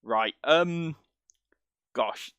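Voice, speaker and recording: A man's voice: on the high side, lively intonation, drawn-out words, a bit bright, clear, resonant tone, dry recording. A man giving casual, rambling commentary as he plays through a game and reads its text aloud. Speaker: let's play gamer.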